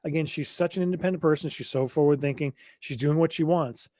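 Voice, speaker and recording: A man co-hosting a casual film podcast, talking in a relaxed, conversational way. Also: a little high, fast, dry recording, studio quality. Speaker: podcast co-host.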